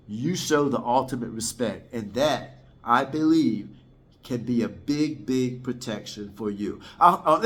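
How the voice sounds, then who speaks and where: A man talking casually to his vlog viewers from his apartment, in a voice a touch higher than most men's. He rambles, circles back to repeat himself and keeps addressing the audience as guys. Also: a bit bright, a little hiss or hum. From United States. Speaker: vlogger. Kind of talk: casual talk to camera. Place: indoors, apartment on a third floor.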